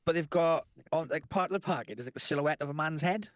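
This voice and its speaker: A man's voice: a little high, fast, dry recording, clean studio sound. A man in his thirties, a podcast co-host telling rambling stories in casual chat and swearing constantly.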